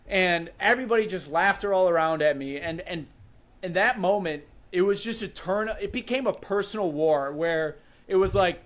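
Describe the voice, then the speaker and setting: A man's voice: sits high, a little fast. A man in his twenties from Wisconsin, a podcast guest vividly telling a story in a casual way, often using "like" and "you know". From Wisconsin, USA. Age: 20s. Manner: animated, vivid recounting with frequent "like" and "you know".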